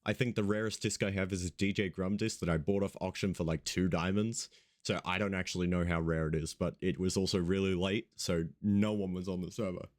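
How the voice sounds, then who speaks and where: A man's voice: sits low, fairly even intonation, a little fast. A man hosting an online radio show, rambling loosely through news and events, swearing casually and sounding like he just woke up.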